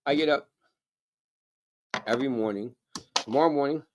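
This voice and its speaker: A man's voice: medium pitch, normal speed, a little mellow, slight background noise. A man chatting casually on a live stream, rambling and swearing while stoned. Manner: rambling, swearing, laid-back. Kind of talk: casual chat.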